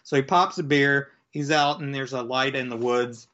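A man chatting casually as he recaps a comic book, rambling with lots of fillers and slipping into quick character voices. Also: medium pitch, fairly even intonation, a bit bright, lo-fi sound. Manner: rambling, filler-heavy, acts out quoted lines in different voices.

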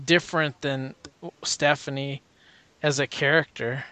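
A man's voice: mid-range voice, little pitch movement, measured pace, bright, forceful tone, smooth, dry recording. A man talking about comics in a casual chat, hedging and sharing his opinions.

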